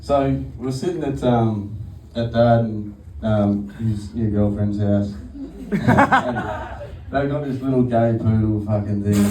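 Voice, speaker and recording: A man's voice: fairly low pitch, a little slow, hardly any pauses, mellow, recorded from a distance. A man doing a stand-up set, telling crude, rambling stories and often breaking into laughter. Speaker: stand-up comedian. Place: comedy venue stage. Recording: echoey, noisy room miked from afar.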